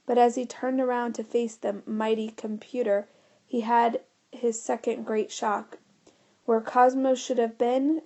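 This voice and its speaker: A woman narrating a children's adventure audiobook in a lively storytelling manner. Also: a little high. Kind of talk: scripted narration.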